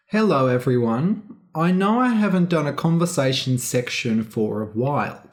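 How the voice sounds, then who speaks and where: A podcast host with an Australian accent, tired and low on energy, reading a story aloud slowly and clearly for English learners, then talking to listeners. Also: animated. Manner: slow, deliberate and carefully clear.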